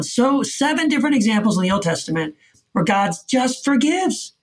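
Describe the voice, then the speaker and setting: A man's voice: very high-pitched, expressive, normal speed. A man being interviewed as an author guest, explaining his ideas earnestly in casual conversation, repeating words for emphasis. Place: Texas.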